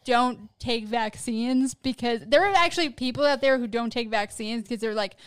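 High-voiced woman in dry podcast chat. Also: moderate pace, a bit bright, clean tone, dry recording. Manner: laughing, filler-heavy. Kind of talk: casual chat.

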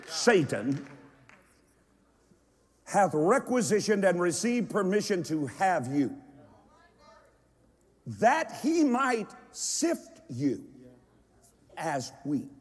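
A man preaching a sermon with drawn-out emphasis, swinging from hushed lines to shouts. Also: fairly high pitch. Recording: long echo from a large hall.

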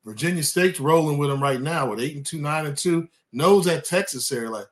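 Brief: former quarterback guest, a man from California, slightly high voice, animated casual sports talk. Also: a little fast.

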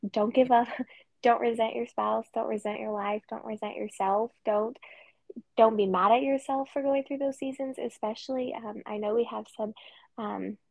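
A woman's voice: fairly high pitch, fairly even intonation, moderate pace, gravelly, darkish tone, no echo, poor audio. A woman co-hosting a podcast, chatting casually and openly about her feelings and laughing often. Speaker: podcast co-host. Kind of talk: casual heartfelt chat.

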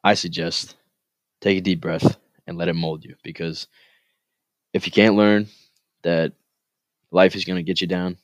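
A man's voice: sits low, level tone, a little slow, long pauses, no echo. A man hosting a solo podcast, rambling casually and earnestly, with lots of fillers, urging listeners to keep going. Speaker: podcast host.

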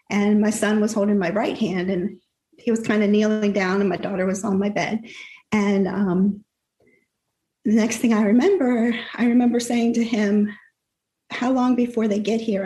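A woman's voice: medium pitch, mellow, roomy sound. A middle-aged woman recounting a frightening personal experience in an interview, earnest and emotional, often quoting her own thoughts. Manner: earnest, emotional retelling with quoted inner thoughts. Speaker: guest telling her story.

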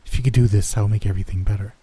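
A man's voice: fairly low pitch, steady tone, rapid-fire, dark tone, breathy edge. A man voicing an exhausted eight-year-old girl with a faint German accent, straining and pleading as she speaks. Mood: weary pleading. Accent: German hint. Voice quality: tired, strained on every word. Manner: urgent, pleading.

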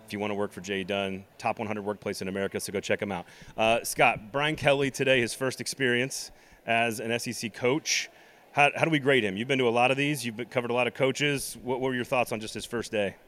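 A man's voice: medium pitch, fairly even intonation, brisk, a bit bright. A man hosting a sports podcast, chatting casually with opinionated, joking asides. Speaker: podcast host.

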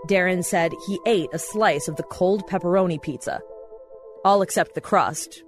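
A woman reporter and podcast host, telling a court story in measured, matter-of-fact scripted narration. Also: fairly low pitch, faint music behind.

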